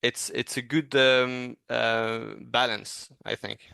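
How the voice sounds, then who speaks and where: Male reviewer giving feedback, smooth clear voice, dry close sound, halting and encouraging. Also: medium pitch, level tone, sharp tone, dry recording. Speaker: animation reviewer. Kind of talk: casual teaching critique.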